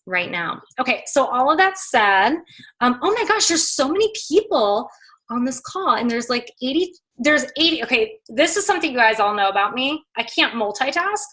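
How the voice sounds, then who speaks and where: A woman coaching her team on a video call, upbeat and excitable, chatting with lots of fillers. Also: high-pitched, moderate pace, poor audio. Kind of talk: casual pep talk on a video call.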